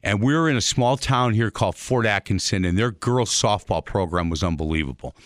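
A man hosting a radio show, chatting with a guest and telling lively stories. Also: on the low side, a little fast, no echo, studio quality. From Wisconsin, USA. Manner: chatty storyteller, animated anecdotes. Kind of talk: casual radio interview.

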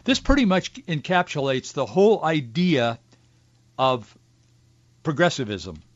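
A man's voice: fairly high pitch, very animated, measured pace, no echo. Guy hosting a talk show, opinionated monologue, dry dull sound. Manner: opinionated, with wry asides and restarts. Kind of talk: political commentary monologue.

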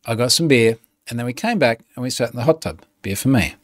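A man talks loosely through his weekly show, chuckling as he goes. His pitch rises and falls a lot, and the recording is dry with no room sound. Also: animated, fast talker, no echo. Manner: chatty and amused, laughs often. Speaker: podcast host. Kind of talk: casual solo show talk.

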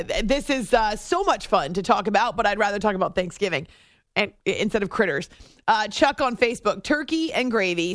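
A woman's voice: mid-range voice, fairly bright tone, no echo, studio quality. A woman from the Southern US hosting a talk radio show, chatting and laughing as she reads listener messages. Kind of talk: casual sports talk radio chat. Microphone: studio microphone.

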